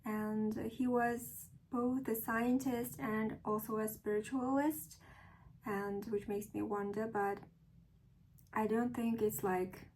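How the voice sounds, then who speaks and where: A woman with a Mongolian accent, a vlogger who chats casually and then reads a book aloud slowly and carefully. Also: a little high, fairly even intonation, darkish tone, a little hiss or hum, rough recording. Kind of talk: casual chat and reading aloud.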